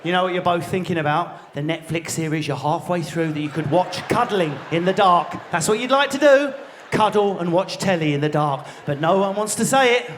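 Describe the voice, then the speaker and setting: A man in his forties with an Essex accent, riffing fast and crudely through a stand-up set with a high, bright voice. He jumps into squealed character voices mid-joke. A faint hum of the big theatre sits behind him. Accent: Essex English. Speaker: stand-up comedian. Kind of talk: stand-up comedy routine. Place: large theatre stage.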